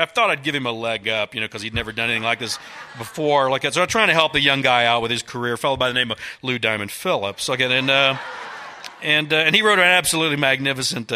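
A man's voice: mid-range voice, sharp tone. A middle-aged man, an author telling rambling, folksy stories to a live audience, full of fillers. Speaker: author at a book event.

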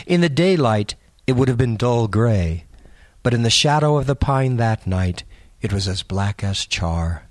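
A man narrating a spooky story in a measured, suspenseful audiobook reading. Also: mid-range voice, lively intonation, dry recording, clean studio sound.

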